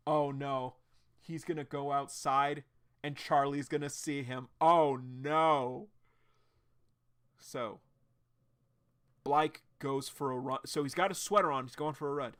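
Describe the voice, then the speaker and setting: A man streaming his live reaction to a webcomic, talking at a middling pitch. He rambles with plenty of ums and likes, then breaks into excited outbursts. The delivery is loose, casual chat. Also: measured pace.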